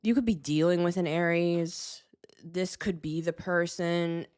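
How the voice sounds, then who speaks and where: A woman's voice: on the low side, steady tone, unhurried, a little mellow. A woman hosting a casual tarot reading vlog, rambling and agitated, swearing and laughing as she talks. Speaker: tarot reader, show host.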